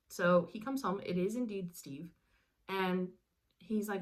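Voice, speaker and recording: A woman's voice: medium pitch, fairly even intonation, a little slow. A woman hosting a movie review, retelling the plot in a casual, chatty way and acting out the characters' lines. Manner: chatty retelling, many "like" fillers, acts out lines. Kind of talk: casual spoken movie recap.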